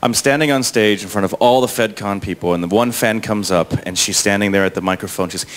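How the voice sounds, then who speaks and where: A man on a convention press panel, telling an anecdote with lively delivery and acting out other people's voices. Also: fast, few pauses, slight background noise. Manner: acts out other people's voices in high tones.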